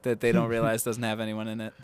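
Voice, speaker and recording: Casting: male podcast co-host, smooth clear voice, dry close sound, rambling and chatty. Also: lowish voice, monotone, quick pace, dry recording. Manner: rambling, thinks aloud with restarts. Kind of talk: casual film discussion.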